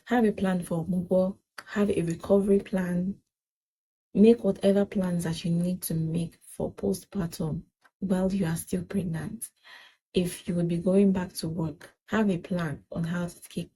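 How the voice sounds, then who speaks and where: Young woman, vlogger, unhurried delivery, warm mellow tone, earnest and emphatic. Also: on the low side, fairly even intonation, rough recording. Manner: earnest, emphatic, repeats points for stress. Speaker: parenting vlogger. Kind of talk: casual advice chat.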